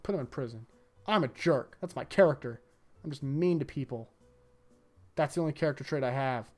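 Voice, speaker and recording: Aloof noble anime captain, mutters flat and dismissive, as a man mocks him. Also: mid-range voice, brisk, soft background music, close to an everyday voice. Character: cold haughty noble male captain.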